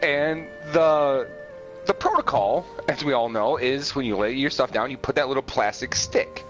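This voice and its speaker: A man's voice: medium pitch, moderate pace, a bit bright, lo-fi sound, soft background music. A man co-hosting a podcast, telling a rambling story in casual chat with restarts and laughs. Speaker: podcast co-host. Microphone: home podcast mic.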